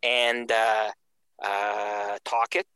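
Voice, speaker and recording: A Canadian man tells a casual story in a bright, clear voice, lively acting out the people he quotes. His pitch is fairly low and he draws out his words. The sound is dry and close to the mic with no room sound, though the recording is rough.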